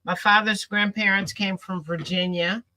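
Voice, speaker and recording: Bright, animated woman host, laughs a lot, easy chat. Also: medium pitch, moderate pace, poor audio. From American Midwest. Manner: animated storyteller, laughs often. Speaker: sewing channel host. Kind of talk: casual chat.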